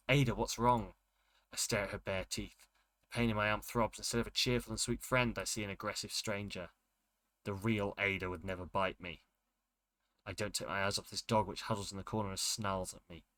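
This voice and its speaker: A man's voice: lowish voice, fairly bright tone, a little hiss or hum. A man streaming a game, reading its text aloud in a dramatic way and breaking off with startled exclamations. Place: home streaming setup.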